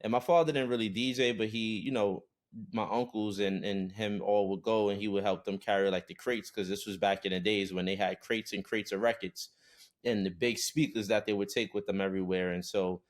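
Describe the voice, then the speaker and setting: A young man from Brooklyn, New York, talking as a podcast guest in a relaxed way, with lots of "uh" fillers. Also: on the low side, a little fast. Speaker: podcast guest, recording artist. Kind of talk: casual interview chat.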